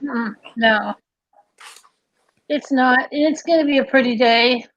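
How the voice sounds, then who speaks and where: A woman's voice: high voice, slow, a bit bright, no echo. A woman hosting a casual livestream, chatty, giggly and rambling, on dry, slightly dull audio. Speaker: livestream host.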